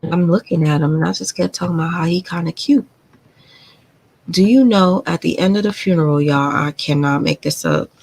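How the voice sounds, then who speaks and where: A woman's voice: low voice, creaky, rough recording. A woman hosting a live stream, telling a painful family story in a candid, confiding and profane way. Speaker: livestream host.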